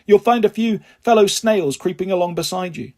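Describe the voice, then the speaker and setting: A man voicing a kindly middle-aged male PE teacher who speaks gently and encouragingly, with a husky voice. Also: high voice, moderate pace.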